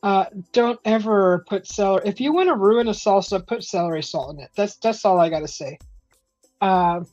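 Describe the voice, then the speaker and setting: A woman hosts a live stream in a loose, casual storytelling way, jumping into the voices of the people in her anecdotes. Her voice sits at an ordinary middle pitch. The audio is a little muffled, with soft music playing underneath. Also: moderate pace. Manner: animated, acts out quoted voices. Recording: slightly dull stream audio with faint music.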